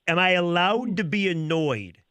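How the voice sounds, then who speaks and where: A male sports radio co-host with a somewhat high voice, trading playful questions and frequent chuckles. He sits close to a dry studio mic. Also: expressive, a little slow, fairly bright tone, clean tone, dry recording.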